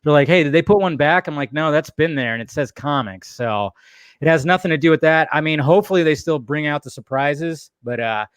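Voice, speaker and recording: A man hosting a casual livestream chat over a video call, relaxed and chummy. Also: on the high side, brisk, smooth, no room sound. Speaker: host. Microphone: webcam video call.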